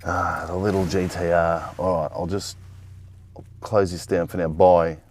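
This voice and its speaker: Man, deep voice, casual car vlog, talks to himself, self-deprecating, faint traffic noise. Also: little pitch movement, a little slow, a little mellow. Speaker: car vlogger. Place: in a parked car, then outside beside it. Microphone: handheld camera.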